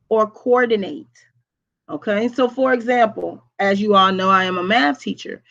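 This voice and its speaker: A woman teacher with a fairly high voice and a Southern US accent talks through a lesson at a very slow, careful pace. She spells words out letter by letter and checks in with students as she goes. The recording is dull and lo-fi.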